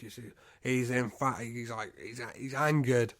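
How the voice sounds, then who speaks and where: A man hosting a podcast, casually recapping a film's plot in a halting way, swearing and acting out the characters' lines. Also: medium pitch, fairly even intonation, creaky, no echo, studio quality. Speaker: podcast host.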